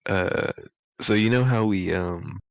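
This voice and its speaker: A man's voice: low voice, slow pace, no echo, rough recording. A young man co-hosting a podcast, telling school stories in a rambling way, laughing often and filling his talk with "like". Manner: rambling, laughing, full of "like" fillers. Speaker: podcast co-host. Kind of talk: casual storytelling chat.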